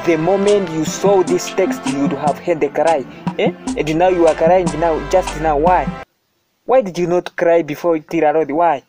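A man's voice: on the high side, warm tone. A man performing a comedy skit, accusing someone and demanding again and again why.

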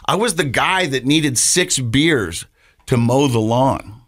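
Podcast co-host, male, mid-pitched, rambling storyteller with restarts, dry booth sound. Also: expressive, takes it slowly, a bit bright, dry recording. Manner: rambling, repeats words, laughs while telling; earnest, reflective. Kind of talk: casual storytelling.

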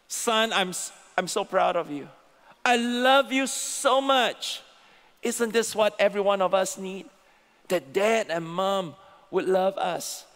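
A male pastor preaching a sermon, leading the congregation to repeat lines after him. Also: sits high. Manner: preaching, leads congregation in call-and-response. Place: large church auditorium. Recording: long hall reverb, church sanctuary.

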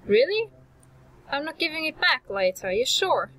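A woman voicing an eager, childlike unicorn with an excitable, squealing way of talking. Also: high-pitched, normal speed, pitched above the performer's own voice. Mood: excited.

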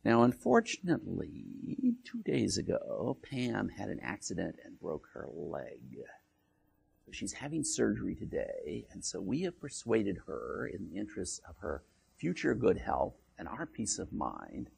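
A man lecturing with a low, husky, gravelly voice. He jokes as he goes and restarts his sentences often. His pitch rises and falls in a lively way. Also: unhurried. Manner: joking, with frequent restarts and tag questions. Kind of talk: academic talk.

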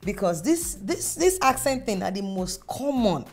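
A woman's voice: mid-range voice, big pitch swings, normal speed, soft background music. A woman with a Nigerian accent hosting a talk show, speaking emphatically and addressing her audience directly. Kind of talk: casual talk show conversation.

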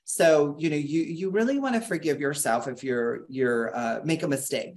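An educator leading an interactive online workshop over a video call, talking in a lively, chatty way with restarts and fillers. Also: moderate pace. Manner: acts out quoted people with big pitch jumps. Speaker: webinar presenter and educator.

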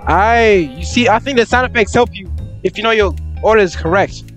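A man's voice: high-pitched, fairly quick, faint music behind. A young man commentating a horror game playthrough, chatting in slang and yelping when startled. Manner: excitable slangy chatter, jumpy yelps. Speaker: gaming YouTuber.

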